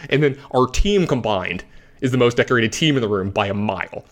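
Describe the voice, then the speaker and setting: A man casually telling a long story as a podcast host, animated and rambling, with lots of fillers. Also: mid-range voice, a little fast. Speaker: competitive card game player.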